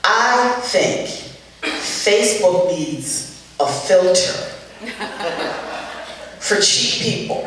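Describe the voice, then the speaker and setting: Older woman doing lively stand-up in an echoey hall. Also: lowish voice, slow, slight background noise. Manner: animated, exasperated storytelling with punchy asides. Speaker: comedian. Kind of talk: stand-up comedy. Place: stage at a charity show with a live audience. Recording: echoey hall, voice far from the mic, faint ambience.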